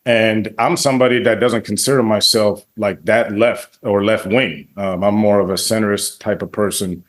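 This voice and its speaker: Halting, thoughtful male co-host. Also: fairly low pitch, steady tone. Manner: thoughtful, halting with restarts and fillers. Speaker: podcast co-host. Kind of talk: casual discussion.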